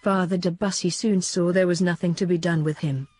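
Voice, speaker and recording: A woman giving a steady, measured narration of a religious book. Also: lowish voice, breathy edge. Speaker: reader.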